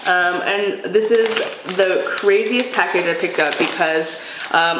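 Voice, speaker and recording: A woman chatting casually while doing her makeup, gushing and excitable, a bit self-deprecating, and sick today. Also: mid-range voice, roomy sound, background noise. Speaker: beauty vlogger. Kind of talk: casual get-ready-with-me chat.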